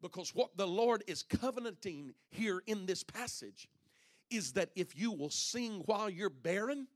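High-voiced man preaching with fervor. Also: expressive, unhurried. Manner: impassioned preaching that swings between loud and hushed; reads scripture aloud and calls out to the congregation. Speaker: pastor. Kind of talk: sermon.

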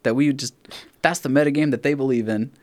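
A man's voice: mid-range voice, fast, no room sound. A man hosting a podcast in casual chat, ranting with laughter and swearing. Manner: animated, profane, laughing rants. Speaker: podcast host.

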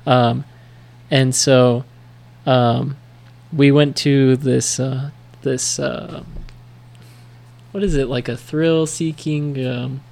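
This is an American man in casual podcast chat, his voice carrying a gravelly rasp. He meanders through anecdotes, pausing on fillers as he hunts for the next word. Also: medium pitch, steady tone, a little mellow. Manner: rambling storyteller, many fillers. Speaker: podcast co-host.

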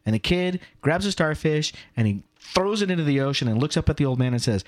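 In casual podcast chat, this middle-aged co-host tells stories and rants emphatically, animated throughout. His voice is on the high side, and he speaks at a quick pace.

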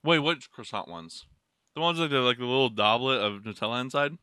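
A man trades crude, laughing banter while taste-testing snacks on a podcast mic. His voice is very bright and bounces up and down in pitch. The sound is dry and close, with no room around it. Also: expressive, brisk, clear, resonant tone, no room sound. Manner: profane, joking and laughing banter. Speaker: podcast co-host. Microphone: studio microphone.

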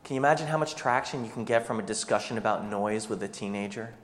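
A man's voice: fairly low pitch, quick pace. A man preaching a sermon as pastor, asking the congregation one rhetorical question after another. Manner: rhetorical questions, shifting pace. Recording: long hall reverb.

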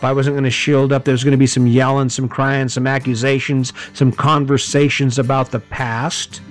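Man, middle-aged, motivational talk, high energy, conversational, self-correcting, faint guitar underneath. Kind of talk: motivational monologue.

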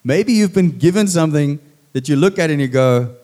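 Male pastor, relaxed sermon voice, light humor, quizzes the crowd. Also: on the high side, normal speed. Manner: chatty, jokey, asks the audience questions. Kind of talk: casual sermon to a congregation.

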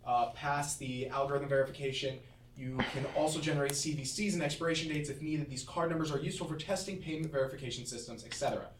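A man's voice: fairly high pitch, fairly even intonation, fast. Roomy, distant man co-hosting. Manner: stammering restarts, dry asides. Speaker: podcast co-host. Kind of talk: casual chat. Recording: roomy, distant mic with faint hiss.

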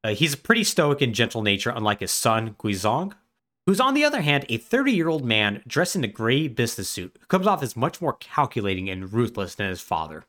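A man co-hosting a podcast, retelling a game's story in animated, casual chat full of "like". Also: medium pitch, fairly quick. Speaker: podcast co-host.

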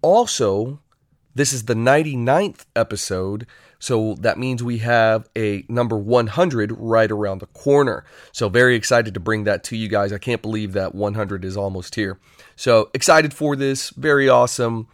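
A man's voice: fairly low pitch, moderate pace, no room sound, clean studio sound. A man hosting a casual solo podcast, upbeat and chatty with playful asides. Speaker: podcast host.

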